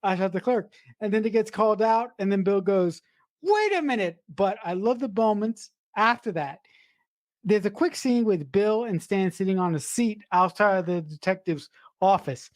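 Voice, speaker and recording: Excited podcast co-host retelling scenes. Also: mid-range voice, normal speed, dry recording, studio quality. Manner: enthusiastic, swears casually, acts out quotes. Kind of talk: casual movie review chat.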